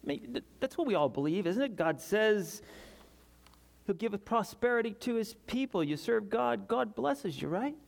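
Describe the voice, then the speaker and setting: Male preacher, earnest sermon delivery, voice sits a bit high, swings between urgency and quiet confession. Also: big pitch swings, normal speed, vocal fry.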